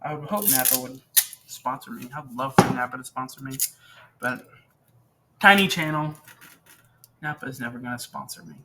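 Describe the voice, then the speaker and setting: A man's voice: medium pitch, moderate pace, pauses often, noisy background. A teenage boy hosting a casual how-to, rambling and chatty as he works at a home workbench, often correcting himself. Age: teens. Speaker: channel host demonstrating repair.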